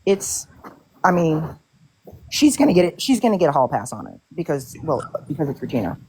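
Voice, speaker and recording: A woman's voice: deep voice, very animated, a little fast, darkish tone, a little hiss or hum. Blunt, cussing woman ranting on a live stream. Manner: blunt, profane, exasperated ranting. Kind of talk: casual livestream chat.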